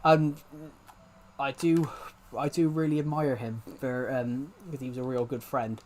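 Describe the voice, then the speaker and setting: A man's voice: medium pitch, fairly even intonation, measured pace, a little mellow. A young man in his twenties chatting casually on a live game stream, rambling and restarting his sentences as he talks. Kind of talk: casual live-stream chat while playing.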